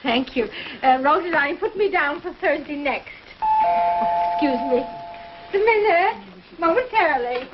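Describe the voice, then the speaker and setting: An actress playing a chatty, warm-hearted housewife and mother in a 1950s TV sitcom, fussing in quaintly worded sentences, on a dull old soundtrack. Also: high-pitched, animated, moderate pace, heavy background noise. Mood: bustling. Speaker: lead character, family mother.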